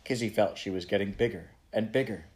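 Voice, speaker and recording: A man reading a children's novel aloud in a steady storytelling manner. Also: on the low side, fairly quick. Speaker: audiobook reader.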